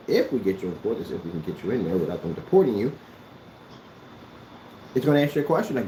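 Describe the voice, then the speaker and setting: A man's voice: mid-range voice, dark tone, slight background noise. A man ranting at someone straight to the camera, scolding and sarcastic, with a lot of repetition. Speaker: vlogger. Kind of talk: confrontational address to camera. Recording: echoey room.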